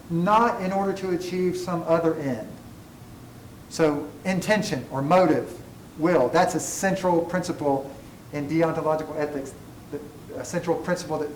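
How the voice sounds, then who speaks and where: A man's voice: on the high side, slight background noise. A man teaching a college ethics class, digressive and self-deprecating, joking with students as he lectures. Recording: echoey classroom from a distance.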